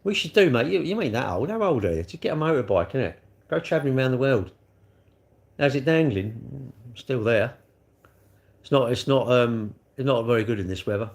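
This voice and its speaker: A man's voice: mid-range voice, lively intonation, a little fast, vocal fry. Middle-aged guy on a live stream, rambling chat with lots of "isn't it?", answering comments. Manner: rambling, chatty, full of tag questions. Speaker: livestreamer.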